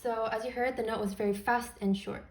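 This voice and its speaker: A woman with a slightly high voice teaching beginner music theory. She explains each idea patiently and plainly, step by step, as if guiding students one sign at a time. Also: steady tone, fairly quick.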